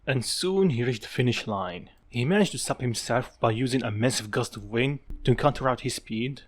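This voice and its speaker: A man's voice: medium pitch, expressive, moderate pace. A man narrating a fan story in a casual, offhand way. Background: background music.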